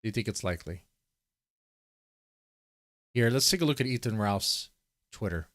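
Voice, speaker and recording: A man's voice: fairly low pitch, animated, normal speed, dry recording, clean studio sound. A man giving rambling, profane casual commentary, often restarting his sentences as he reads posts on screen. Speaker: commentary streamer.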